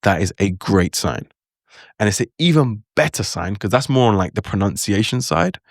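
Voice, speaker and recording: A man's voice: on the low side, expressive, normal speed, dry recording, studio quality. A man giving a casual spoken lesson on language learning, loose and chatty, full of asides and acted-out reactions. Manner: acts out his own reactions in quotes.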